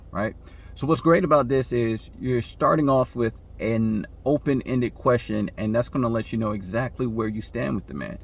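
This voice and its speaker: A gravelly-voiced man speaks at a moderate pace, giving relationship advice in a relaxed monologue. He keeps asking "right?" and voices the people he quotes with abrupt leaps in pitch.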